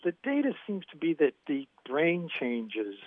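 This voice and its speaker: An older male guest comes through a thin, phone-like line, dry and close with no room sound. He explains things in a measured, steady way, pausing on small hesitations as he thinks. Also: a little high, no room sound. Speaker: guest author. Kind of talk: conversational interview.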